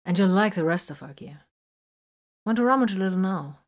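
A woman's voice: medium pitch, animated, a little fast, natural voice. A woman reading the lines of a confident, dry-witted male psychic soldier in a sci-fi story, matter-of-fact and teasing. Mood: pleased.

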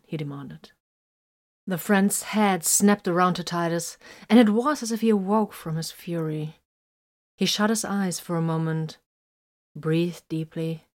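Brief: woman narrator, somewhat low voice, measured and softly dramatic story reading. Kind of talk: storybook reading of fan fiction.

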